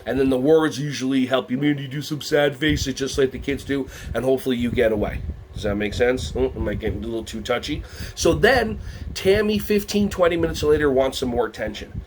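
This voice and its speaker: A man presenting a teacher workshop, talking to a live audience, asking them questions and acting out quotes in high put-on voices. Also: brisk, darkish tone, slight background noise. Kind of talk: lively teacher workshop talk.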